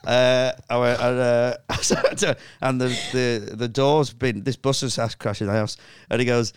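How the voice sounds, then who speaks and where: A man's voice: medium pitch, huge pitch swings, normal speed, very noisy. A man, a comedian guest, telling a story in casual chat, laughing and swearing often.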